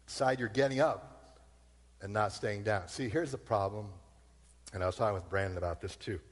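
A man preaching a sermon in an animated, emphatic storytelling manner, heard with long hall reverb. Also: on the low side, moderate pace. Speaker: pastor.

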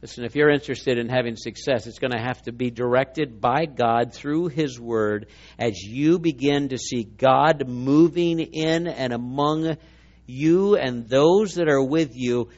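A male preacher giving an animated, emphatic sermon, acting out scenes. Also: medium pitch. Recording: muffled lo-fi sound.

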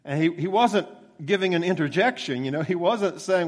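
A man preaching a sermon in a relaxed, conversational way, slowing down to stress key phrases. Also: high voice, big-room sound. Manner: conversational storytelling with emphatic slowed phrases.

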